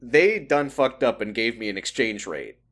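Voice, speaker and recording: A man's voice: mid-range voice, normal speed. A man co-hosting a podcast, recapping a TV episode in casual chat and acting out the characters' lines. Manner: lively, animated storytelling with quoted voices. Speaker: podcast co-host.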